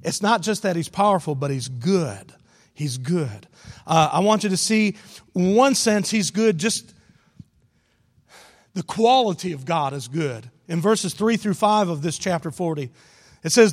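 A man preaching to his congregation in a sanctuary, pressing his points by repeating them. His voice sits high. A long reverb from the hall trails behind each line. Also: lively intonation, unhurried. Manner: emphatic preaching, repeats key phrases. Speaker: pastor. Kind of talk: sermon. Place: church sanctuary.

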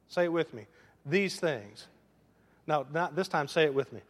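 A man preaching a sermon as pastor, lively and joking, drawing the congregation into call and response. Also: fairly high pitch, normal speed, big-room sound.

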